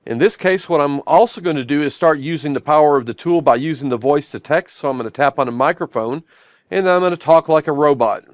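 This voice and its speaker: A man's voice: a little high, fast, dry recording, muffled recording. A man training viewers on a shop tablet app in a live stream, talking through each action step by step from his office. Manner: step-by-step, repeats "I'm gonna" before each action. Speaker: software trainer. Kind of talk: live-stream product demo.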